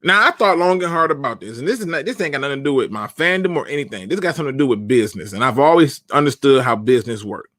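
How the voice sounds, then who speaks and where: A man hosting a live sports talk stream, chatting casually with slang and repeated starts, giving shout-outs and opinions. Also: medium pitch, expressive, fast, hardly any pauses, no echo, studio quality. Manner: conversational, repeats himself, uses slang. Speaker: podcast host.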